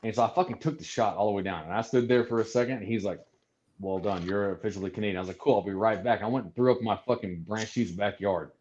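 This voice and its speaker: Male guest, lowish voice, blunt and profane, lo-fi podcast sound. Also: quick pace, few pauses, a little mellow. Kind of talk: casual chat. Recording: dull lo-fi sound.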